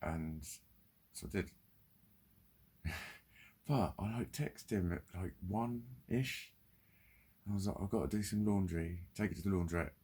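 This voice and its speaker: Male vlogger, gravelly and husky, candid, profane rant. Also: deep voice, measured pace, long pauses, mellow. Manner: heavy swearing, ranting, candid. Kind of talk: confessional monologue.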